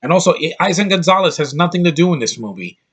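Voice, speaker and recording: A man's voice: a little high, animated, fast talker, a bit bright, breathy edge. A man giving an exasperated, blunt movie review rant, swearing freely and often repeating himself as he talks.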